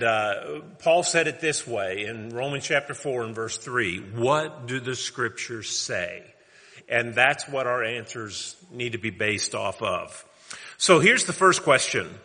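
A man's voice: medium pitch, bright, forceful tone. A man preaching a sermon, earnest and explanatory, quoting scripture and often restarting phrases. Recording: long reverb of a hall.

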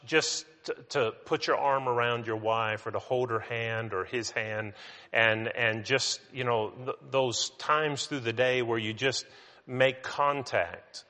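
A man's voice: medium pitch, steady tone, measured pace, bright, forceful tone. A middle-aged male pastor giving a sermon in a conversational, storytelling way with self-mocking humor. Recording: reverberant hall.

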